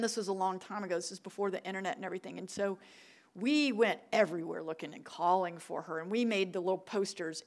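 A middle-aged woman, giving a sermon as a church ministry director, telling stories and repeating her key points for emphasis. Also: mid-range voice. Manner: warm storytelling with emphatic repetition.

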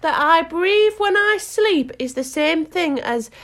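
A woman voicing a sleepy little dormouse talking in its sleep, slow and drowsy. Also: extremely high pitch, animated, a bit bright, voice pushed up, heavily acted.

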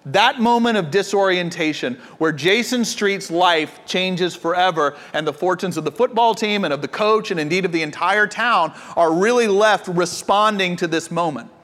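A man delivers a sermon from the pulpit, his voice high and light for a man. He moves between impassioned swells and hushed, intense moments. Long reverb from the church sanctuary trails behind each phrase. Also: moderate pace, few pauses. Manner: impassioned preaching, dropping to quiet intensity. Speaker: pastor. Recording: reverberant hall.

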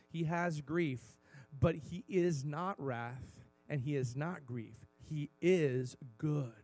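A male pastor preaching a sermon, talking candidly and then building to loud, emphatic declarations. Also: on the high side, no room sound.

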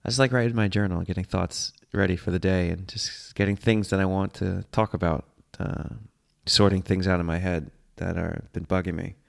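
Low creaky man rambling. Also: fairly even intonation, fairly quick. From United States. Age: 30s. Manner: rambling, profane, self-mocking. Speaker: podcast host. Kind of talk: casual comedic monologue.

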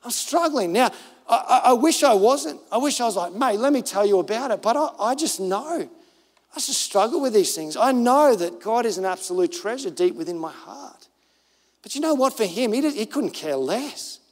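An Australian pastor preaching a sermon with a high, lifted voice. He tells stories in an animated way and acts out the voices of others. His words ring out with a long reverb through a church hall. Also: moderate pace.

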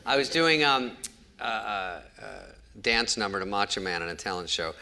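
A lowish, expressive voice at normal speed, bright and forceful, belongs to a comedian in his fifties who is a guest on stage. In an event hall, he tells wry stories at his own expense to a live audience.

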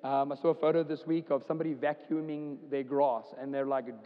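A man's voice: medium pitch, little pitch movement, quick pace. A man, preaching a casual, chatty sermon as a church pastor, with many fillers. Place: church hall. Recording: dull sound with long hall reverb.

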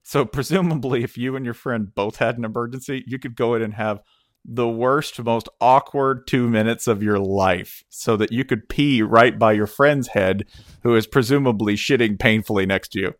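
A man's voice: medium pitch, normal speed, no echo, clean studio sound. A man co-hosting a comedy podcast, telling a story and acting out the voices in it. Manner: animated storytelling, acts out voices. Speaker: podcast co-host. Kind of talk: comedic casual chat.

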